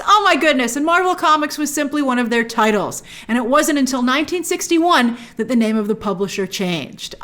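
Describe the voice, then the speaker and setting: A woman hosting a film review show, talking casually to camera with excitable, gushing bursts. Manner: excitable, gushing with sudden high exclamations.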